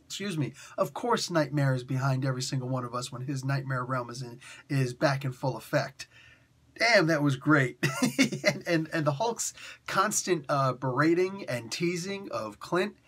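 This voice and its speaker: A man hosting a solo comic book review, talking with excitable enthusiasm, rambling with fillers and breaking into laughter. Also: mid-range voice, moderate pace, husky.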